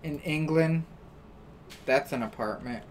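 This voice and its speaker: Slow-talking American woman chatting on stream. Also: low voice, a little hiss or hum. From United States. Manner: chatty, storytelling with quoted back-and-forth. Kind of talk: casual chat on a live stream.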